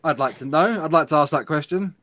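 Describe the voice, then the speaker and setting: A man's voice: on the high side, fairly quick, sharp tone, no room sound, studio quality. A man hosting a casual political chat show, joking, laughing often and stumbling into restarts. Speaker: host of an online talk show.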